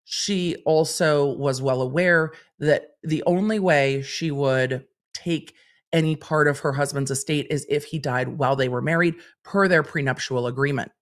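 A woman's voice: low voice, normal speed. A woman hosting a livestream, reading court documents aloud and commenting on them in a chatty, wry way. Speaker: legal commentator host.

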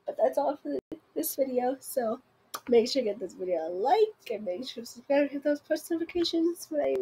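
A young woman hosting a video, casually reading funny text messages aloud in a rushed, offhand way. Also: high voice, animated, warm tone, a little hiss or hum, rough recording. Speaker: video host.

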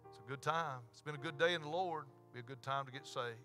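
Bright-voiced pastor pleading softly. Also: male voice, mid-range voice, fast talker, soft background music. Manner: pleading Southern preacher cadence, repeated invitations. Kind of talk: sermon altar call and prayer. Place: church sanctuary.

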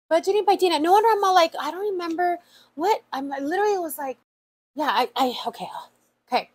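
A woman's voice: extremely high pitch, fast talker. A woman vlogger chatting casually while opening mail, emotional and full of fillers. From USA. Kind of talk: casual chat.

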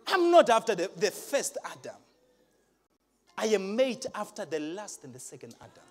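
A man preaching a live sermon to a congregation, speaking emphatically, asking the crowd questions and rising to shouts. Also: very high-pitched. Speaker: pastor. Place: large church hall.

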